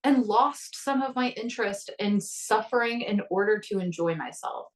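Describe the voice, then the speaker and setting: Woman coach on a podcast, lively storyteller doing little voices, mic a bit far off. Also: mid-range voice, moderate pace, crowd noise. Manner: animated storytelling, acts out inner voices. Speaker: guest coach. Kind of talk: casual podcast conversation.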